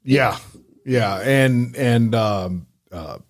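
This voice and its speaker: A man's voice: mid-range voice, extremely slow. A man hosting a podcast in casual chat, retelling a story emphatically and swearing casually. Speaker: podcast host.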